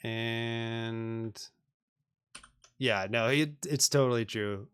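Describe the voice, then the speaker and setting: A man's voice: medium pitch, very slow, fairly bright tone, clear, resonant tone. A man on a live stream working through programming exercises, reading them aloud and joking with viewers in a self-deprecating way.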